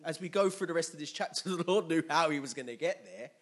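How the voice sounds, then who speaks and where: A man preaching a sermon with animated, emphatic delivery and call-and-response. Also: fairly high pitch, fast, slightly rough.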